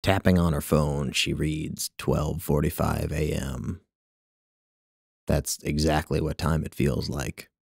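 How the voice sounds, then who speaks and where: Man, author reading his own story, measured and wry, extremely deep, gravelly, dry close recording. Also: level tone, darkish tone, no room sound. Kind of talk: scripted literary narration.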